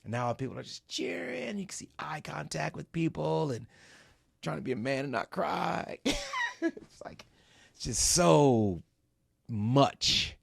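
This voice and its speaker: A middle-aged man with a gravelly, creaky voice tells a story in a casual interview. His pitch swings widely as he acts out his own reactions, swears freely and lets the emotion show. The recording is dry and close. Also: sing-song, a little slow, no room sound. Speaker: company CEO recounting an ocean row.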